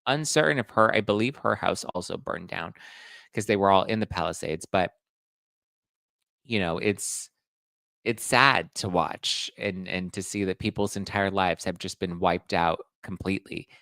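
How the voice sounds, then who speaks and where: A man's voice: deep voice, normal speed, vocal fry, pushed and bright, no room sound. A man giving casual celebrity gossip commentary, retelling stories in a chatty way. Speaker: pop culture commentator.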